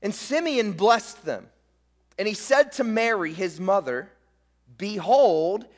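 A male pastor preaching a sermon, emphatic, asking rhetorical questions and slowing down on key words. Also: high voice, animated. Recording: reverberant sanctuary.

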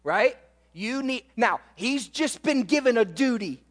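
A man delivers a sermon in a strikingly high voice, taking his time over each phrase. He keeps turning to the congregation with rhetorical questions. The sound carries the long tail of a reverberant church hall. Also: expressive, unhurried, fairly bright tone. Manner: emphatic, with frequent rhetorical questions to the listeners. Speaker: preacher.

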